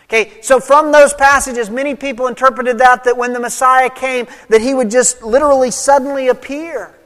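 A preacher giving an expository sermon, stressing points loudly and then dropping quiet. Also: sits high, fairly even intonation, normal speed. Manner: emphatic teaching, swinging between loud stresses and quiet drops. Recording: long reverb of a large hall.

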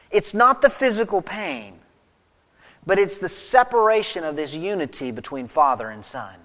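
A man preaching from the pulpit, reading verses and then pressing his point with emphasis. His voice sits high for a man, rising loud and dropping soft. A long reverb trails behind him as in a large hall. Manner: reads scripture aloud, then expounds with emphatic swings of pitch and volume. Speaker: pastor. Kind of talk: sermon.

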